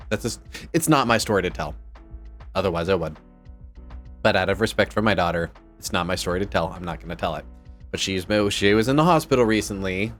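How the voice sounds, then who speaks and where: A man chatting casually on a home live stream, rambling and excitable as he jumps from topic to topic. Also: low-pitched. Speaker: VTuber streamer.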